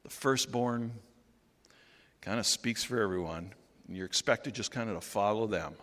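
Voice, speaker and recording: A man's voice: lowish voice, normal speed, pitched below the performer's own voice, close to an everyday voice. A man voicing Abel, a wistful young shepherd. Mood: earnest. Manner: soft-spoken, rambling with restarts. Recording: long hall reverb.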